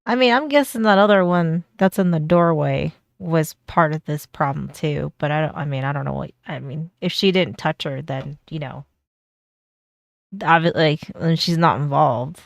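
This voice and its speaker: A woman's voice: low-pitched, normal speed, creaky, no echo, studio quality. A woman streamer giving casual, rambling reaction commentary, exasperated and stumbling over her words.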